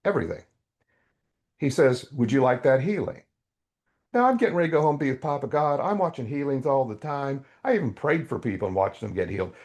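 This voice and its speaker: An older man, a podcast guest, telling a faith testimony as an animated storyteller whose voice leaps up when excited. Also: mid-range voice, fast, few pauses, muffled recording.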